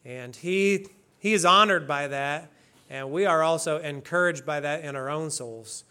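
A male pastor leading worship and preaching a sermon in an earnest, measured way. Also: fairly high pitch, bright, forceful tone, clean tone. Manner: earnest, measured preaching with slow emphatic readings.

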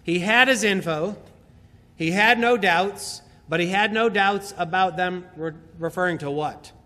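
A man preaching a sermon, slowly and emphatically explaining a Bible passage and repeating key phrases. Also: sits high, sharp tone. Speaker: pastor. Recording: hall reverb.

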